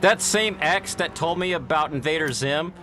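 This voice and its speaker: While gaming on his livestream, a man spins stories in casual chat, animated and laughing frequently. His voice is a little high and moderately paced, and there's a slight hiss or hum in the recording.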